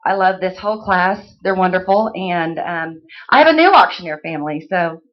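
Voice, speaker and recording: A woman from Texas, an auctioneering student who chats about herself and then calls bids in a quick rising chant. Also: animated. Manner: rapid chant of bids, rising high and loud. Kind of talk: live auction calling. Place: auction hall, live audience. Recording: dull lo-fi sound.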